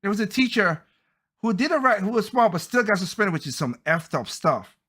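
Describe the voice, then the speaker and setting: A man's voice: sits high, sing-song, fairly quick, a bit bright, slightly rough. A man hosting a podcast, giving heated, blunt opinion commentary and often stumbling over and repeating his words. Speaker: podcast host.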